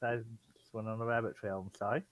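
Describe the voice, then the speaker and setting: A man's voice: on the low side, little pitch movement, brisk, no room sound, rough recording. A man acting as dungeon master on an online call, talking in a rambling, hesitant way with many fillers. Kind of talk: casual chat.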